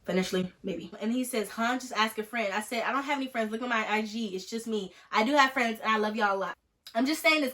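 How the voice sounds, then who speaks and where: A young woman in her twenties rattles through a storytime vlog at a quick clip. Her delivery is jokey and animated as she acts out both sides of a text exchange. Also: a little high. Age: 20s. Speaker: vlogger.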